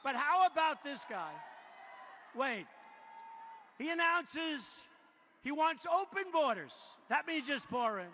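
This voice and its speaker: A man's voice: very high voice, very animated, slow pace, pauses often, pushed and bright. A man in his seventies giving a campaign rally speech in a large indoor arena, boastful and repetitive, riffing off-script into a podium mic. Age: 70s. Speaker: politician addressing a rally. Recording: echoey arena with long reverb, faint noise.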